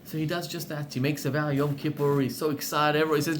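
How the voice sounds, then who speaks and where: A male rabbi from Zimbabwe telling a story as part of a sermon, in an animated way that climbs to excited peaks. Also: on the high side, fast, a little hiss or hum.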